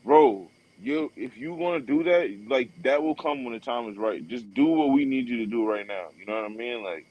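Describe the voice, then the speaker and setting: A man co-hosting a casual sports fan podcast, talking in a relaxed, rambling way with lots of fillers. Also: mid-range voice, normal speed, hardly any pauses, muffled recording. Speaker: podcast co-host.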